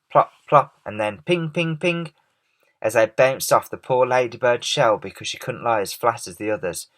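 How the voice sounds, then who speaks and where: A man reading a children's storybook aloud in an expressive, measured way. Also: fairly low pitch.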